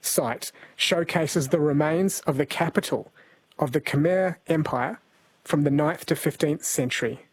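A New man hosting a radio quiz, chatty and quick to laugh as he reads listener texts. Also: a little high, husky, no room sound. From New Zealand. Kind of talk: casual radio chat. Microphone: studio microphone.

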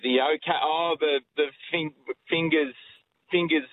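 A man's voice: on the high side, fairly even intonation, unhurried. A man, joking and stammering as he chats on a radio show by phone. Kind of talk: casual radio chat. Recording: tinny phone line.

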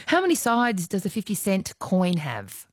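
Lively woman hosting a radio quiz. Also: medium pitch, moderate pace. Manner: chatty, laughs easily, playful teasing. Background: music bed.

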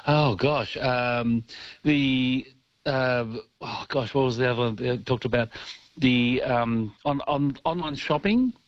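A man's voice: mid-range voice, slow pace, no echo. Rambling man on a lo-fi phone line. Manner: rambling, hesitant, self-deprecating. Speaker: radio caller. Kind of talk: phone-in chat.

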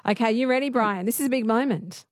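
A woman's voice: a little high, quick pace, no echo, studio quality. A woman hosting a late-night radio quiz, chatty and friendly, explaining the answers at length. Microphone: studio microphone.

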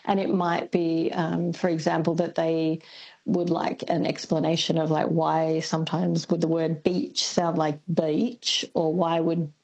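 A woman, a linguist guest on a radio show, explaining carefully with frequent pauses and ums. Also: low-pitched, flat delivery, gravelly, darkish tone, husky, rough recording. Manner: thoughtful, explanatory, many ums. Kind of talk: radio interview.

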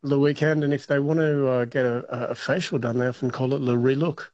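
A man's voice: mid-range voice, steady tone, fast talker, a little mellow, dry recording, dull audio. Male caller, chatty and sure of himself, dry sound. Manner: confident, chatty, jokey. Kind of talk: casual chat on a radio phone-in.

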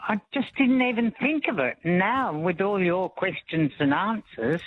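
A woman's voice: mid-range voice, lively intonation, unhurried. A woman calling into a radio show, friendly and laughing as she shares a family memory. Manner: friendly, laughs while telling stories. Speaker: caller. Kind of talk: phone-in radio chat. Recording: tinny phone line with light noise.

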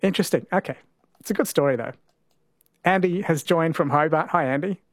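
A talkback radio host, a man with a slightly high voice, keeps things loose and playful as he quizzes callers. He talks into a studio mic that sounds close and dry. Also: fairly quick, no echo. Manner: playful, chatty, laughs easily. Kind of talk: talkback radio chat and quiz.

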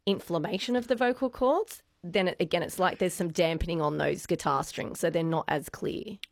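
Australian woman explaining voice, low-pitched. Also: normal speed, gravelly, no echo, clean studio sound. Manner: informative, friendly, laughs easily. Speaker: voice expert guest. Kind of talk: explanatory radio chat.

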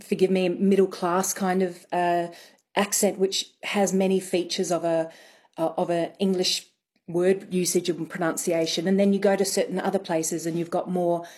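A woman with a slightly low voice talks through ideas carefully on a radio show. She pauses often and fills gaps with small hesitations as she explains. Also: flat delivery, a little mellow. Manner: thoughtful, explanatory, many fillers. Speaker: dialect coach guest. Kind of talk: radio interview answers.

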